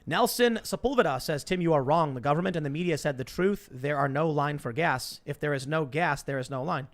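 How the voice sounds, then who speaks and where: A man hosting a live talk show, reading viewer messages aloud in quick, casual chat. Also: fairly high pitch. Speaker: show host.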